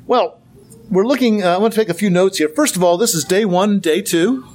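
A man's voice: sits high, fairly quick, a little mellow. A man giving a Bible lecture with slides, earnest, asking rhetorical questions and repeating words for emphasis. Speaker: Bible teacher.

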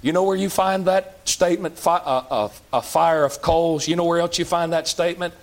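A man's voice: fairly high pitch, fairly even intonation, moderate pace. Folksy preacher man. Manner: folksy preaching, rhetorical questions, plain rural phrasing. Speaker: pastor. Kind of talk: sermon. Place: church.

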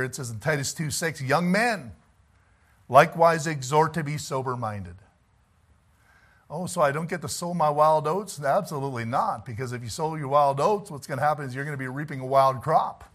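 Speaking fairly quickly in a mid-range, slightly bright voice, a middle-aged man delivers a homespun sermon from the pulpit as pastor. He starts conversationally, with asides and chuckles, then presses his points with emphasis.

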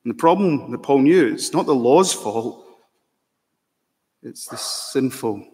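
Male pastor, mid pitch, earnest sermon delivery, long church reverb. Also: expressive, slow pace, dark tone. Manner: earnest preaching with rhetorical questions.

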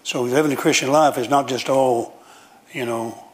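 Man preacher, homespun sermon delivery, repeats and restarts phrases, average pitch, church. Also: fairly even intonation, normal speed. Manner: folksy storytelling with frequent restarts and repetition.

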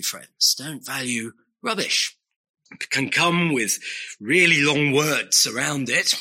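Male preacher, emphatic sermon delivery, sharp forceful tone, husky edge. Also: medium pitch. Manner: earnest, emphatic, with wry asides and repetition for stress.

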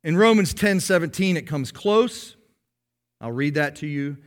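A man preaching a sermon to his congregation, explaining patiently and slowing down to stress key phrases. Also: on the high side, lively intonation. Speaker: pastor.

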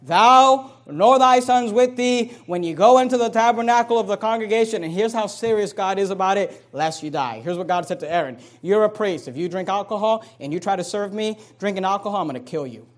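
A man preaching a fiery sermon, reading scripture slowly and swinging between loud bursts and low asides. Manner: reads scripture slowly with emphasis. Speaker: pastor.

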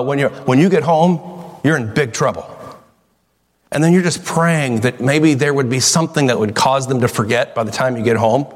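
A man preaches in an ordinary mid-range voice, reading old scripture aloud before breaking into plain, conversational talk. His voice rings out with a long reverb, as in a church sanctuary. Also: medium pitch. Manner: reads scripture then talks through it conversationally. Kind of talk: sermon.

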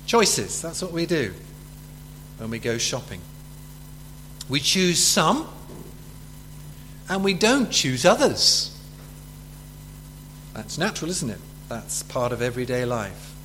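A man's voice: medium pitch, big pitch swings, slow pace, pauses often, a bit bright, a little hiss or hum. A man preaching a sermon in a chatty way, full of rhetorical questions to his listeners.

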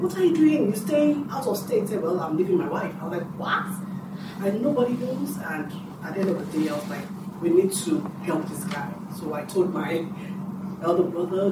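Class attendee, personal story, animated quoting, distant, roomy echo. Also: medium pitch. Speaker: class participant asking a question. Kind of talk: personal question in a group. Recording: roomy, distant from mic, noisy.

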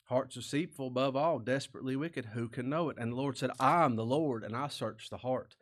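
A pastor delivers a sermon in a folksy, plain-spoken way, posing rhetorical questions and now and then lowering his voice to a hush. His voice sits in the mid range, and he talks a little fast.

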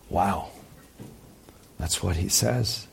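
A man preaching a sermon, impassioned, swinging between loud peaks and soft, quiet passages. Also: deep voice, very slow, vocal fry, slight background noise. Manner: impassioned, rising loud then dropping soft. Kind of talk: sermon teaching.

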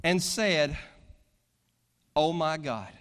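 A man's voice: on the high side, expressive, extremely slow, a bit bright. A male preacher, delivering a sermon, reading scripture aloud and building to fervent preaching. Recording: long hall reverb.

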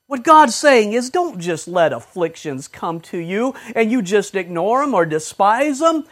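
A man preaching a sermon, fervent, swinging from loud exhortation to low murmurs and acting out short quoted voices. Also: very animated, a little slow.

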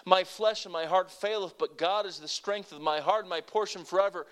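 An older male pastor preaching with a high-pitched voice. He delivers his sermon emphatically, dropping to a hush and then rising loud again, and he asks the congregation to repeat short phrases back to him. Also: brisk, few pauses.

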